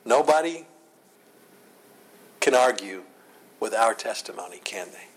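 His voice sits on the low side and his pace is measured as he teaches a chapter of the Bible verse by verse. The delivery is conversational and animated, with sarcastic impressions of the speakers and bursts of laughter.

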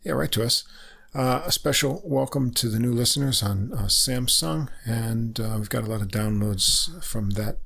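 A man's voice: mid-range voice, normal speed, vocal fry, a bit bright, husky. A man co-hosting a casual podcast, easygoing and full of "uh" fillers. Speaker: podcast co-host.

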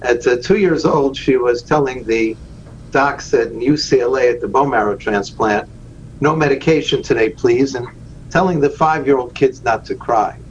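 A man, a rabbi and guest on a podcast interview, telling the story of his charity in an earnest way and slowing down for emphasis. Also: medium pitch. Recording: dull lo-fi remote audio with faint noise.

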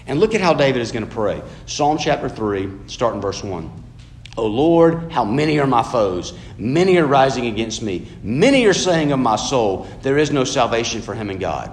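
Man preaching a conversational sermon in an echoey room. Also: medium pitch. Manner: conversational preaching, acts out quoted voices. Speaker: pastor. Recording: echoey room with faint noise.

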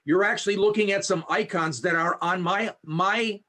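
A man, a pastor, teaching an online Bible study over a video call, speaking earnestly and reciting a blessing slowly. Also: high-pitched, pushed and bright. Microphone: high definition video camera.

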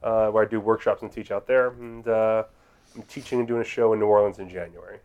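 A man's voice: fairly low pitch, fairly even intonation, fairly quick, darkish tone, highs cut off. A man talking casually as a guest on a podcast, joking and rambling with fillers. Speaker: podcast guest, improv comedian.

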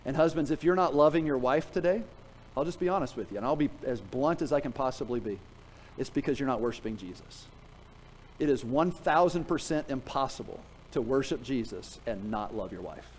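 A middle-aged man preaching a sermon in a church, telling a story with humor, then dropping to a quiet, earnest tone to drive a point home. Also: mid-range voice, a little fast, slight background noise, low-quality recording. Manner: animated storytelling, jokes with the congregation; drops to a quiet, earnest tone for emphasis. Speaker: pastor. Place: church sanctuary.

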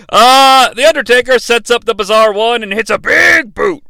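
A man's voice: very high-pitched, animated, normal speed, vocal fry, hardly any pauses, bright, forceful tone, no room sound. A man hosting a podcast, giving a comedic play-by-play recap with sarcastic, profane asides. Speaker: podcast host recapping a wrestling event.

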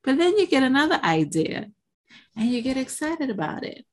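A woman hosting a podcast, giving an animated motivational monologue that acts out inner voices and keeps checking in with "right?". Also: sits high, moderate pace, a little hiss or hum. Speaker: podcast host.

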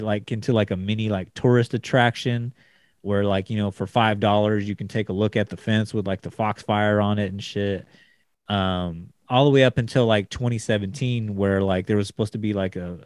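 A man with a fairly low voice co-hosts a podcast in loose, casual chat. He rambles along, leaning constantly on filler words. The recording sounds dry and close. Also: darkish tone, no echo. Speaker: podcast co-host.

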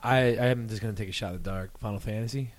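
A man's voice: on the low side, very fast. A man trash-talking and arguing about the rules on a casual podcast, swearing often. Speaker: podcast co-host.

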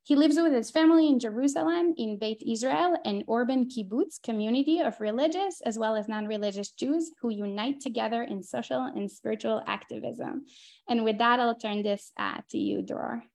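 A woman's voice: on the high side, moderate pace, vocal fry, darkish tone. Woman host introducing an online class. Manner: reads the introduction with frequent fillers. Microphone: video call.

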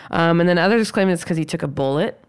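A woman co-hosting a casual podcast, chatty and quick to laugh and swear. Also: lowish voice, clear, resonant tone. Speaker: podcast co-host. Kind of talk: casual chat.

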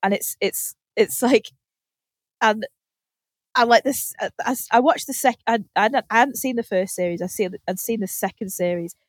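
A woman chatting on a podcast, her voice sitting a bit higher than most and sounding close and dry, with no room around it. She tells stories in an animated way, laughs often and swears freely. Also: moderate pace, dry recording. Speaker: podcast host. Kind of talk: casual chat.

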